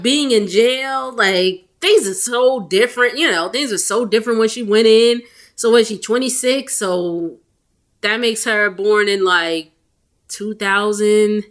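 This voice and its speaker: A woman's voice: mid-range voice, fairly bright tone. Chatty Southern woman recapping reality TV. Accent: Southern US, Texas. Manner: gossipy, laughs often, drawls with Southern slang. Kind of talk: casual chatty episode recap.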